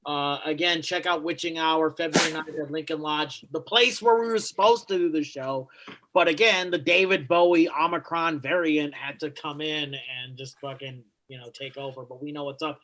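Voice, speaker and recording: Male emcee, bright voice pitched a bit high, hyped energy, crude banter. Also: steady tone, normal speed. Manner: hyped, swearing, hollered catchphrases. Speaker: host of the comedy benefit. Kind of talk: emceeing a virtual comedy show.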